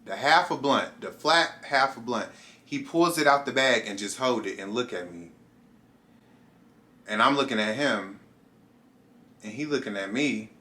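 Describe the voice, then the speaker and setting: A young man in his twenties telling a storytime to camera in a casual, animated way, talking straight to viewers and jumping into high voices for quoted lines. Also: measured pace, long pauses. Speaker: vlogger.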